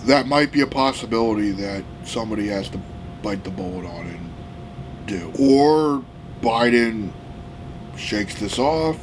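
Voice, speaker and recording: A man from the United States ranting heatedly about politics, profane and often shouting. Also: fairly low pitch, lively intonation, a little slow, noisy background. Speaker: political vlogger.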